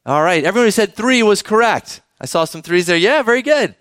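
A man's voice: high-pitched, lively intonation, a little fast, fairly bright tone, clean tone, no room sound, studio quality. Man preaching, engaging the children. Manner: engaging, asks the children questions. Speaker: pastor. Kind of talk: sermon with scripture reading.

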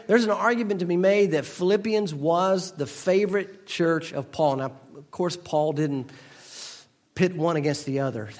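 A man pastor giving a conversational sermon, prompting his congregation to finish familiar verses. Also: fairly high pitch. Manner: conversational, engaging the congregation with call-and-response. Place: church sanctuary.

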